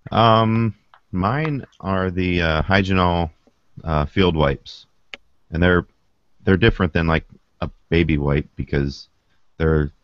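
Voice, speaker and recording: Very low-voiced hesitant man. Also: slow, pauses often, no echo. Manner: hesitant, repeats words. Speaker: podcast co-host. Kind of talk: casual chat. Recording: dull lo-fi podcast audio.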